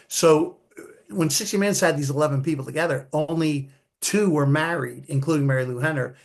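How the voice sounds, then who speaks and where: A man's voice: on the high side, brisk. A man in his sixties, a podcast guest, telling stories in an easygoing way and laughing often. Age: 60s. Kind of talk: casual podcast chat.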